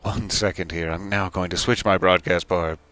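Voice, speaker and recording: A man's voice: low voice, steady tone, moderate pace, bright, forceful tone, soft background music. A man giving casual, joking commentary while playing a video game as the host of a let's play. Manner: joking, self-deprecating asides.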